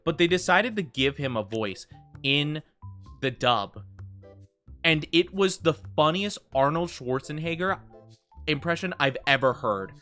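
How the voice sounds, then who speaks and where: A man chatting through a game stream in a loose, rambling way, dropping fillers and laughing at his own tangents. His voice sits fairly high and sounds bright, and soft music runs low behind him. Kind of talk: casual game stream commentary. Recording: faint background music.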